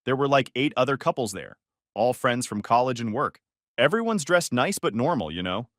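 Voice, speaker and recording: A man's voice: mid-range voice, very animated, moderate pace, fairly bright tone, no room sound, studio quality. A man narrating a first-person story in a casual, conversational way, with sarcastic asides.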